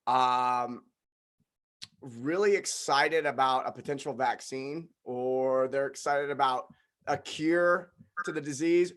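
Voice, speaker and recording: Man host with a slight drawl. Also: on the high side. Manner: slight drawl, halting restarts. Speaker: podcast host. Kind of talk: casual conversation.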